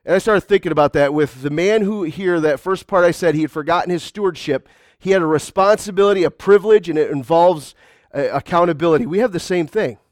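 High-voiced man preaching a sermon. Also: quick pace, no echo, clean studio sound. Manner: conversational preaching with call-outs to the congregation. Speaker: pastor.

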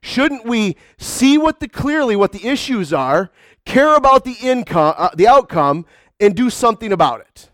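A man's voice: very high-pitched, sing-song, moderate pace, a bit bright, no room sound, clean studio sound. A man preaching a conversational sermon to a congregation, often calling out to the crowd. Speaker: pastor.

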